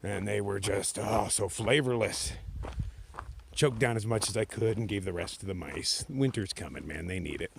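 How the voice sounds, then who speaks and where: Laid-back, low-voiced hiker man. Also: normal speed, creaky, a little hiss or hum. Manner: laid-back, joking, swears freely. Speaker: thru-hiker vlogger. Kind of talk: casual vlog monologue. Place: outdoors on a mountain trail at dawn.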